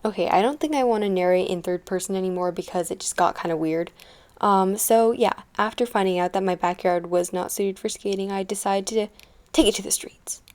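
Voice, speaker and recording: A woman's voice: medium pitch, a little fast, a little mellow, clean tone. A teenage girl narrating her own vlog in a chatty, playful, self-deprecating way. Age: teens. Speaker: vlogger. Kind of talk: casual voice-over narration.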